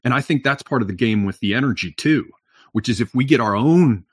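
A man's voice: mid-range voice, animated, a little fast, slightly rough, dry recording, studio quality. A man talking at length as a podcast guest, rambling with lots of fillers and restarts and casual swearing. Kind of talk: long-winded conversational monologue.

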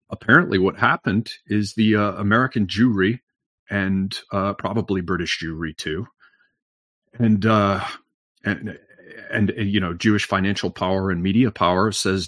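Low-voiced rambling male podcast guest. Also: fairly even intonation, moderate pace, no echo, clean studio sound. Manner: rambling, frequent fillers and restarts, profane. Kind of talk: long-winded conversational monologue.

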